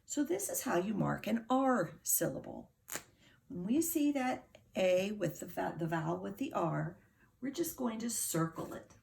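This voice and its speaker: Slow gravelly woman teaching phonics. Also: medium pitch, big pitch swings, a little mellow. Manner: slow, patient, over-articulated sounding out. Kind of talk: phonics lesson for children.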